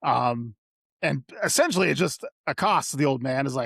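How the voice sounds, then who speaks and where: A man's voice: mid-range voice, lively intonation, moderate pace, creaky, fairly bright tone, husky, dry recording, clean studio sound. A middle-aged man co-hosting a podcast, adding wry, joking comments about a TV episode. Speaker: podcast co-host. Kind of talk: casual chat reviewing a TV episode.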